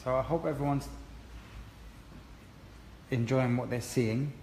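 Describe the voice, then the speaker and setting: A man's voice: medium pitch, slow, darkish tone, slight background noise. A man giving a chatty, encouraging live-streamed haircut tutorial, explaining each step as a hairdressing educator. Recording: roomy echo with long reverb and faint ambience.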